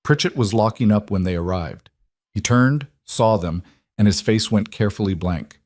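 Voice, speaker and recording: Low-voiced man narrating a story. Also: no echo, studio quality. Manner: even, measured storytelling.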